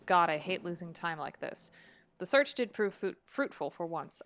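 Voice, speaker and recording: A woman's voice: medium pitch, a bit bright. A young woman hosting a gaming video, chatting casually, laughing often and reading in-game documents aloud. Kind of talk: casual let's play chat, reading game notes aloud.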